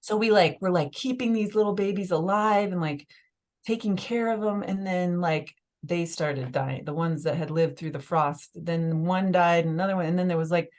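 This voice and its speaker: A woman with a slightly low voice tells a personal story as a podcast guest. She talks in a loose, emotional way and scatters "like" through nearly every sentence. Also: normal speed, a little mellow. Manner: emotional, filler-heavy, lots of "like". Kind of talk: casual conversational storytelling.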